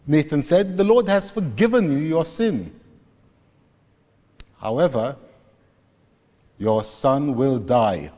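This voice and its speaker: A man preaching a sermon, slowly and deliberately retelling scripture scenes. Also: medium pitch, a little mellow. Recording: long reverb, echoey hall.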